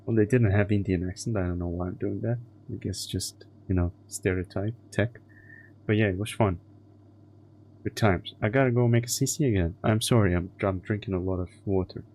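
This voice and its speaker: A man chatting on a live gaming stream, telling loose, rambling stories full of swearing. His voice sits a little low. He speaks crudely and casually throughout. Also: fairly quick, darkish tone. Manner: crude, profane, rambling anecdotes.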